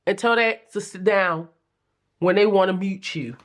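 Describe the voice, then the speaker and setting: A young adult woman giving a casual pick-a-card tarot reading, chatty and animated, with playful slang and frequent laughs. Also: medium pitch, unhurried, slight background noise. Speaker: tarot reader.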